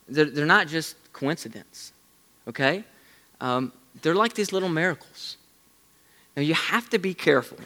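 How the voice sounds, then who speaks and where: A man preaching a sermon, telling a story in an animated way and dropping to a hush for emphasis. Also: on the high side. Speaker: pastor.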